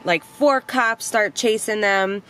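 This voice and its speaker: A young adult woman vlogger telling a personal story in a casual, animated way, blunt and quick to swear. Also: mid-range voice.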